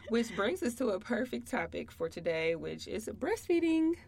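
Chatty woman with a gravelly edge. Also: on the high side, very animated, normal speed, a little mellow. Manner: chatty, laughs often. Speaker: podcast co-host. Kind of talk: casual chat.

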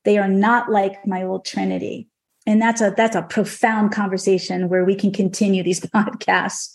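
A middle-aged woman, a horse trainer, telling a personal story on a podcast in an emotional, animated way. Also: medium pitch, normal speed, creaky.

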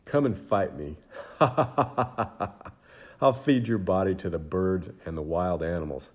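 A man's voice: lively intonation, dark tone. A man voicing a huge, boastful giant warrior who taunts and laughs at his foe in a children's Bible storybook. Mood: mocking. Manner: booming, taunting, slow menacing laughter. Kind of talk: storybook character voice.

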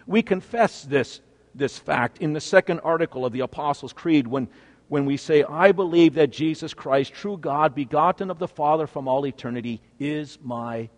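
A man preaching a sermon as pastor, swinging between loud, emphatic phrases and hushed, low ones. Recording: long reverb of a large hall.

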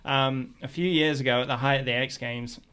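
A middle-aged man from England, a guest telling stories in a casual, animated way and acting out what people said. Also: medium pitch, a little fast, clean tone. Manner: animated, acts out quotes in his stories. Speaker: guest, pro BMX rider. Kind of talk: casual storytelling.

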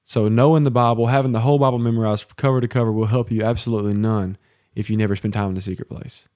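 A man's voice: lowish voice, steady tone, fast talker, a little mellow, no room sound, clean studio sound. Earnest man preaching on a podcast. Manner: earnest, preachy exhortation with teasing. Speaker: podcast co-host. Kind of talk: casual devotional podcast talk. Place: home office.

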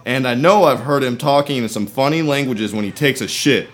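A man's voice: medium pitch, fairly quick. A man acting in a comedy sketch, talking in an earnest, naive, matter-of-fact way. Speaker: comedy podcast co-host.

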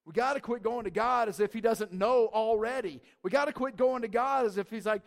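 Pastor, male, very high voice, emphatic casual preaching style. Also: animated, quick pace, vocal fry, hardly any pauses. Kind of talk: sermon.

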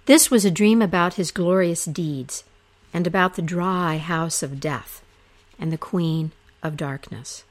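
A woman narrating an ancient myth aloud in a slow, expressive storytelling manner. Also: on the low side.

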